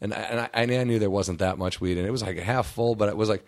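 A man on a comedy podcast telling a profane, animated anecdote in casual chat. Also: on the low side, fast, no echo. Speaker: comedy podcast co-host or guest.

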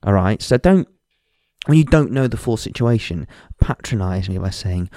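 A man's voice: on the low side, lively intonation, normal speed, mellow, no room sound, clean studio sound. A young man hosting his own podcast, talking candidly in a frank, sweary, self-mocking way and mimicking people he meets. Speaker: podcast host. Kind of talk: candid solo podcast monologue.

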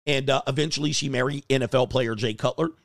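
A man's voice: mid-range voice, steady tone, quick pace, creaky, dry recording, studio quality. A man hosting a reaction commentary show, talking in a crude, joking, mocking way.

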